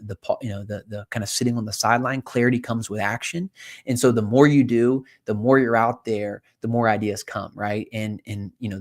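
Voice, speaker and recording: A man from South Carolina in his thirties with a Southern country accent, talking casually to his audience and rambling through stories with plenty of fillers and restarts. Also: medium pitch. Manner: rambling, full of fillers and self-corrections. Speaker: fund manager and podcast host. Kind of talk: casual talk to camera.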